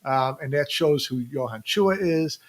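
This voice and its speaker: A man's voice: mid-range voice, unhurried. A man hosting a pool podcast in casual chat, easygoing and agreeable. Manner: easygoing, agreeable, lists scores. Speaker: podcast host.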